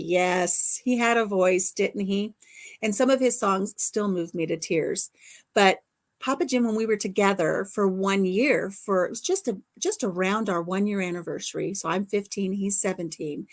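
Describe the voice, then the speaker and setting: Chatty older woman telling a story. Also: medium pitch. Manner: chatty storyteller, laughs often. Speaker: livestream host. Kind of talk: casual livestream chat.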